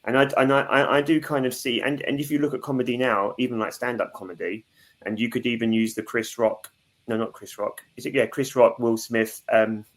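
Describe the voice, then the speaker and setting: A man's voice: mid-range voice, fairly even intonation, fairly quick. Thoughtful man reflecting aloud. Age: 30s. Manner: reflective, thinks aloud with many fillers. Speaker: podcast co-host. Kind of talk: casual chat.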